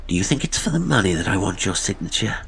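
A man's voice: sits low, sing-song, fast talker, vocal fry, fairly bright tone, heavily acted. A man voicing a suave, menacing villain who speaks with chilly, biting scorn. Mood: gloating.

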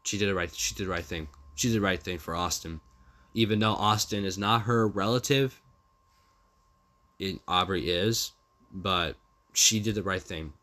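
A man's voice: deep voice, moderate pace, long pauses, sharp tone. A young man vlogging casually, rambling and repeating himself with hesitant restarts as he talks through messages. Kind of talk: casual commentary reading out text messages.

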